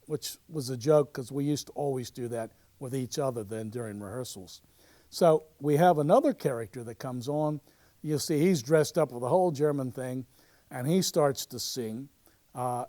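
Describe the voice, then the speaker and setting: A man, a local theatre society historian, narrating over show footage in a chatty, halting way with many fillers and restarts, lively when telling a story. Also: medium pitch.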